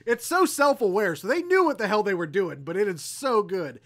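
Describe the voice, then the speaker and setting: A male co-host rambling about a movie in loose, profane banter. His pitch moves around a lot as he talks, and he keeps breaking into laughter. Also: wildly swooping pitch, a little fast, a bit bright. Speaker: podcast co-host. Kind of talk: casual chat.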